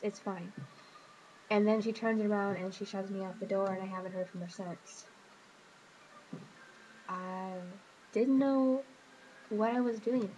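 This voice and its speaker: A woman speaking to camera in a personal confessional vlog, hesitant and emotional, stopping often with pauses and fillers. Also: mid-range voice, darkish tone, a little hiss or hum, poor audio. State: emotional, hurting. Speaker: vlogger.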